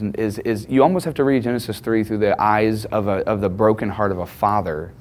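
A man's voice: lowish voice, darkish tone. A man in his thirties preaching a sermon in a conversational, emphatic way, acting out quotes as he goes. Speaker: pastor.

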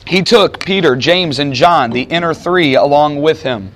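A male preacher, partway through a sermon while teaching a Bible study, speaks in a higher-pitched voice. He is animated and emphatic, throwing out rhetorical questions and slowing down to drive his points home.

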